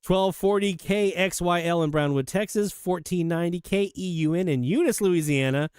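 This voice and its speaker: A man hosting a live radio hobby show, chatting casually and enthusiastically as he reads out listener shoutouts. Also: high-pitched, normal speed, clear, resonant tone, dry recording, studio quality. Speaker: host of a radio hobby livestream.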